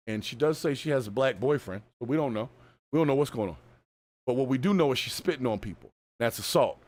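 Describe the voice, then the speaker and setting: A man hosting a reaction video, talking through the clip in a casual, sarcastic and scolding way. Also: mid-range voice. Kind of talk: casual commentary.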